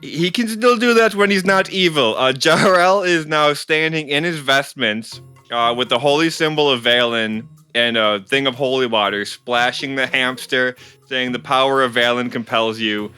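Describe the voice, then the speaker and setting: A man playing a tabletop game, speaking in and out of character in an animated way. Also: mid-range voice, moderate pace, smooth, faint music behind. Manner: animated, laughing often. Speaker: player.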